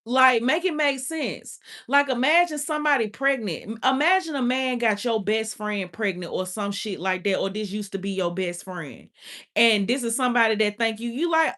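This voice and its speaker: A woman's voice: on the high side, moderate pace, fairly bright tone. A woman giving a casual spoken tarot reading, blunt and profane, with constant filler "like". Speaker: tarot reader.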